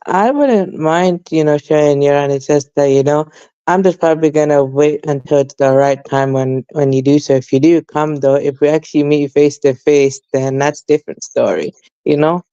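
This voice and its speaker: A man's voice: fairly high pitch, steady tone, moderate pace, warm tone, clear, resonant tone, no echo, lo-fi sound. A young man with a London accent in casual chat, rambling and leaning on fillers like "basically" and "though.". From England. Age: young adult. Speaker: guest.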